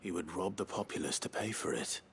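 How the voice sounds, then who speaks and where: An actor playing a steady, grave male warrior hero who asks short, serious questions. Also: low voice, brisk, close to an everyday voice. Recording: game audio with crowd noise behind.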